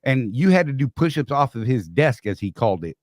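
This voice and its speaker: A man's voice: mid-range voice, big pitch swings, fairly quick, a little mellow, no echo, studio quality. A man co-hosting a casual live-stream chat, rambling through stories with frequent restarts. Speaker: co-host.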